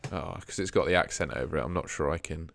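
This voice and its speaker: A man's voice: a bass voice, fast, gravelly, fairly bright tone. A young man hosting a casual live stream, chatting and thinking aloud as he sorts out his screen. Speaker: host.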